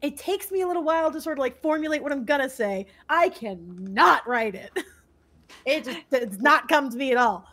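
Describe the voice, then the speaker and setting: A woman guest chatting on a podcast with a high voice. She talks loosely, often laughs, and makes fun of herself. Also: animated, normal speed, a bit bright. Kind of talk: casual chat.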